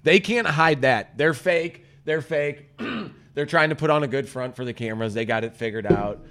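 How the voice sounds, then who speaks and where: A man of ordinary pitch hosts a casual comedy show. He tells stories in a loose, profane way, slipping into the voices of the people he describes. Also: moderate pace. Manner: animated, profane, storytelling with acted-out quotes. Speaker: radio show host.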